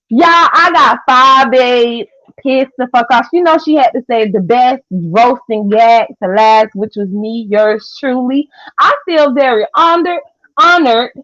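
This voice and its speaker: A young woman, chatting casually with viewers on a livestream in a sassy, trash-talking way with loud cackling laughs. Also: high voice, takes it slowly, no room sound. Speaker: livestream host. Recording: dull lo-fi stream audio.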